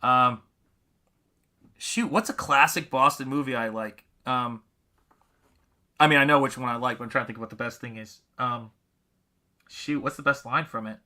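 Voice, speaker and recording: Bright-voiced man chatting on a live stream. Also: mid-range voice, normal speed, long pauses. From New England. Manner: chatty and rambling, reading out viewer comments. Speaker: artist hosting a live painting stream. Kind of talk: casual live-stream chat while painting.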